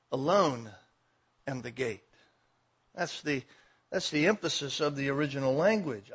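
Emphatic high-voiced male preacher. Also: muffled recording. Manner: emphatic preaching, swinging between loud declarations and quiet asides. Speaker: pastor. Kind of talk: sermon.

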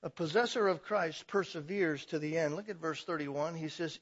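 A man preaching a sermon as pastor, emphatic, building to loud passionate stretches. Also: fairly high pitch, moderate pace, few pauses, lo-fi sound.

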